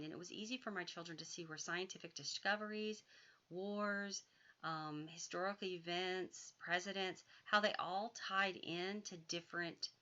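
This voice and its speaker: Low bright-toned woman, lo-fi sound. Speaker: author and educator. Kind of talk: homeschool advice monologue.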